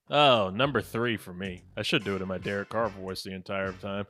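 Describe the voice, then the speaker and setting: A man's voice: lowish voice, fairly even intonation, brisk, few pauses, bright, forceful tone, faint music behind. A young man hosting a casual sports podcast, joking and keeping the countdown moving. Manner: joking, upbeat, runs the countdown. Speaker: podcast host.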